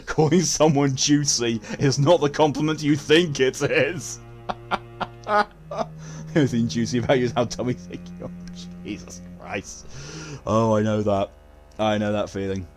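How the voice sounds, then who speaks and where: A man's voice: medium pitch, moderate pace, faint music behind. A man streaming a video game, chatting casually with his viewers, joking, swearing freely and laughing often. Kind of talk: casual gaming stream chat.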